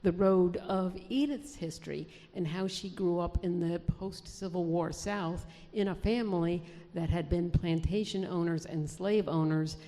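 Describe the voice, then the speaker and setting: A woman's voice: lowish voice, unhurried, warm tone. A woman novelist from New Jersey answering interview questions in a chatty way, with many restarts. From New Jersey, USA. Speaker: historical fiction author, guest. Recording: long hall reverb.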